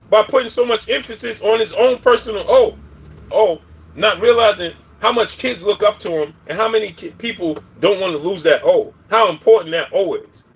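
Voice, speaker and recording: Livestream host: a man with a high, husky voice, casual and rambling, greeting the chat. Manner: rambling, shouts out viewers by name. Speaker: boxing commentary livestream host.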